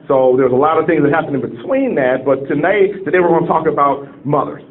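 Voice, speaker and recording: A man's voice: fairly high pitch, lively intonation, fast talker. A man in his late forties from Cleveland, Ohio, giving a humorous sermon-style talk as a guest speaker and calling on the audience to answer. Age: late 40s. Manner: jokey, calls on the audience to answer. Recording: tinny phone-like sound.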